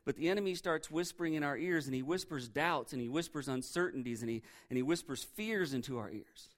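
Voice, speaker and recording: A man's voice: on the high side, brisk. A male pastor preaching a sermon in a church, conversational and full of rhetorical questions.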